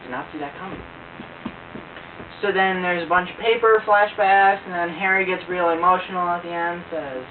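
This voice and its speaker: At home in the living room, a young man jokingly retells a movie plot, rambling and laughing at his own jokes. His voice is high-pitched and moves at a moderate pace. The home-video recording sounds tinny, distant and noisy.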